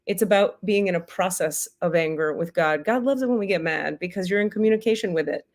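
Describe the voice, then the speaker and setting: A woman hosting a comedic spiritual livestream, telling a profane, animated story full of tangents. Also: fairly low pitch, fast talker.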